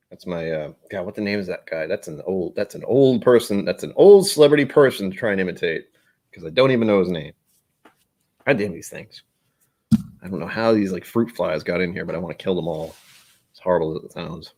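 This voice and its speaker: A man's voice: deep voice, lively intonation, a little fast, a little mellow, slightly rough. A man hosting a casual whiskey live stream, rambling and self-deprecating as he gets sidetracked.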